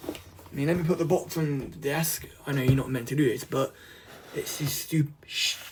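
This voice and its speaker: Male vlogger, rambling chatty unboxing talk, slightly raised pitch, faint hiss behind. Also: normal speed. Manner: chatty, rambling, easily excited. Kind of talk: casual unboxing vlog.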